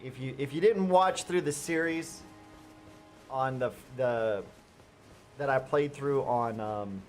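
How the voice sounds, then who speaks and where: A man giving chatty live gameplay commentary as a streamer, talking straight to his viewers and breaking into excited outbursts. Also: mid-range voice, slow pace, soft background music. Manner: chatty, addresses viewers directly. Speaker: gaming streamer.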